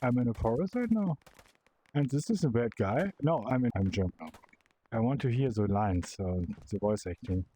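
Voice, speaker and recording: Excitable husky man playing a game. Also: mid-range voice, normal speed, low-quality recording. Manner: excitable, swears, yells at game bots. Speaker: VR gameplay creator. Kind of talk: live gameplay commentary.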